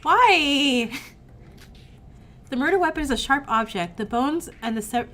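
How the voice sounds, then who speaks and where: Woman let's player, still getting over a cold, pitched a bit high, casual chat plus read-aloud game dialogue. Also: lively intonation, normal speed, a bit bright, a little hiss or hum. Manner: chatty, reacts with sighs and groans between read lines. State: recovering from illness, sick-sounding voice. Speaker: let's play streamer. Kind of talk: casual gameplay commentary and reading game text aloud.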